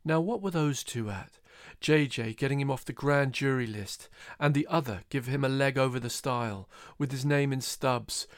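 A man reading a literary novel aloud, telling it in a measured, wry way. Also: medium pitch, no room sound, studio quality. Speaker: audiobook reader. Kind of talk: literary reading with voiced characters.

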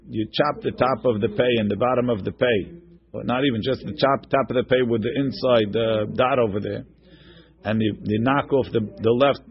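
A man's voice: mid-range voice, lo-fi sound. A man teaching a text-study class, reading each line aloud, then translating and explaining it with frequent restarts. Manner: repeats and restarts words while explaining. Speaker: Talmud teacher.

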